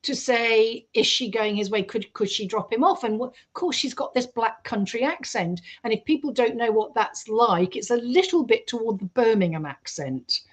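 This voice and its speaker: A woman's voice: on the high side, moderate pace, few pauses. Woman telling a vivid story. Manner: lively storyteller who acts out quotes. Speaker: guest researcher. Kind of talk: storytelling in an interview.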